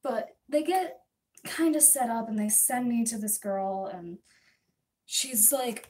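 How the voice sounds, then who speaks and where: A woman's voice: fairly high pitch, takes it slowly, darkish tone, slight background noise. A woman telling a long rambling story on a livestream, chatty and venting, with lots of fillers. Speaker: small shop owner packing orders.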